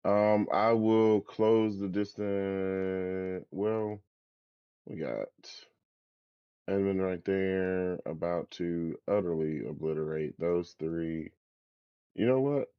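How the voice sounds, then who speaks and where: A man's voice: low voice, slow pace, smooth, dry recording, lo-fi sound. A man playing in a tabletop game, laid-back, counting dice aloud. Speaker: player. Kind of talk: casual game chat.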